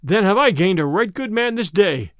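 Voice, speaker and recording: A jolly, good-humored outlaw leader addresses his band in stately old-fashioned phrases, voiced by a man reading aloud. The voice is fairly high and lively. It is recorded close and dry. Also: normal speed, dry recording. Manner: old-fashioned formal speech.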